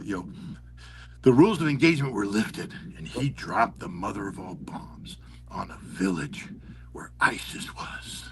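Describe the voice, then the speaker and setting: A man's voice: mid-range voice, noisy background. An older man, a guest on an interview show, ranting heated, profane and sarcastic political commentary. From United States.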